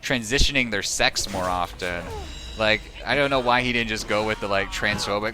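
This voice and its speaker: A man's voice: on the low side, fairly even intonation, moderate pace. A man live-streaming a video game, chatting casually with viewers, sarcastic and often swearing at the game. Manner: sarcastic, profane, rambling asides to chat. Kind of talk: casual gaming commentary. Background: game music and sound effects.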